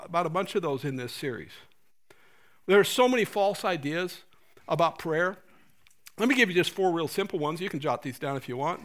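A man preaching a sermon as pastor, animated and joking, acting out prayers in playful voices. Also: fairly high pitch.

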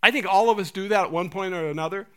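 A man preaching a sermon as pastor, animated and joking, acting out prayers in playful voices. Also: high voice, fast, clear, resonant tone.

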